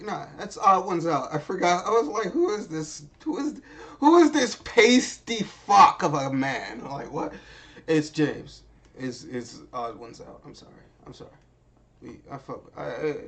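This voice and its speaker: A young man reacting to clips in casual, profane commentary, excitable and stumbling over his words. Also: high voice. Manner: excitable, profane, stammering and restarting. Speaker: reaction video host.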